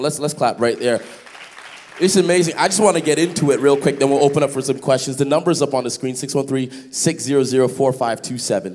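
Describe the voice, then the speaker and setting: A man hosting a church panel in a playful, animated way, drawing in the audience. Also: mid-range voice. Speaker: host, panel moderator. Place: large church hall. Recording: hall reverb.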